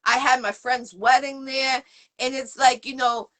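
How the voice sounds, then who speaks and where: This interview-show host, a woman from around Boston, USA, speaks a little slowly in a high-pitched, level tone. Her casual chat wanders cheerfully, with plenty of fillers and shout-outs.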